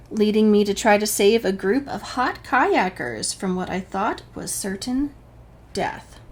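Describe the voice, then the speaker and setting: A woman's voice: mid-range voice, darkish tone, a little hiss or hum. A woman from New Hampshire telling a personal story to the camera, wry and self-deprecating. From New Hampshire, USA. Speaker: vlogger.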